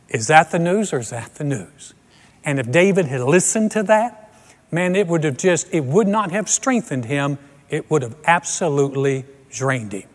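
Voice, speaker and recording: A man's voice: on the high side, moderate pace, in a large hall. A man preaching a sermon as pastor, conversational and earnest, repeating phrases for emphasis.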